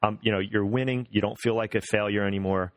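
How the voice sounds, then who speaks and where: Upbeat low-voiced male host. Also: steady tone, fast talker, no room sound, clean studio sound. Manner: upbeat and encouraging, repeats words as he talks. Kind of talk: casual health interview.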